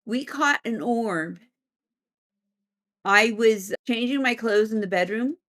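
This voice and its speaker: A middle-aged woman, a psychic medium, telling a story in a casual interview as an animated storyteller who laughs often. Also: a little high, takes it slowly.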